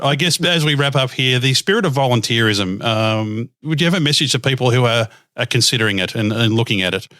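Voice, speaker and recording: Fast-talking man hosting. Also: medium pitch, a bit bright, no echo. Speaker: podcast host. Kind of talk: casual interview chat.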